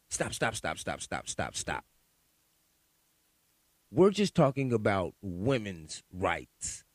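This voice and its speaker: A man hosting his own podcast delivers a profane, heated monologue with lots of repeated words. His pitch swings widely as he talks. The sound is close and dry, with no room around it. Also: no echo. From Sacramento, California. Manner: profane, animated, repeats words when worked up. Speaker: podcast host. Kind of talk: ranting monologue.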